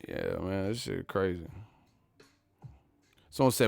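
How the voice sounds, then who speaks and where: A man's voice: on the low side, huge pitch swings, normal speed, gravelly, long pauses, no echo, studio quality. A man hosting a boxing vlog who rants casually in heavy street slang, cursing, repeating himself and laughing often. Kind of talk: casual profane rant.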